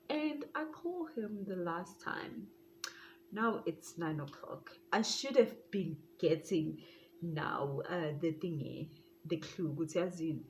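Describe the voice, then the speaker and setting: A South African woman telling a story to camera in a casual vlog. She is animated, laughs often and slips into Zulu phrases. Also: fairly low pitch, slow pace, slight background noise, rough recording. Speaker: YouTuber.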